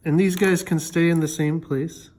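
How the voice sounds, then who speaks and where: A man's voice: a little high, steady tone, normal speed, a little mellow. A man teaching music theory in a loose, chatty way, with fillers and jokey asides. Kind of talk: casual explanatory lesson.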